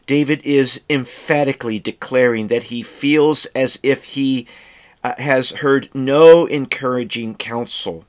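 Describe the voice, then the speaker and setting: Slow, deliberate male Bible teacher. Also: mid-range voice. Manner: deliberate, reads verses then explains them. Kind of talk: devotional scripture commentary.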